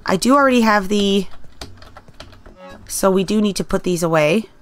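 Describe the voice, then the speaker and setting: With soft music in the background, a middle-aged let's-play streamer with a Canadian accent rambles chattily to her chat viewers during a casual gameplay stream. Her voice is mid-range and her pace is normal.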